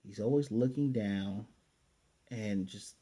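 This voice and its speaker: A man with a mellow, warm voice talks through an anime episode in a relaxed, chatty way. His delivery is animated, and he often corrects himself and trails into fillers as he goes. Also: on the low side, takes it slowly, husky. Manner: animated retelling, often paraphrasing the characters' lines; chatty and loose, with frequent fillers and self-corrections. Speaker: anime reviewer. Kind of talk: casual episode recap.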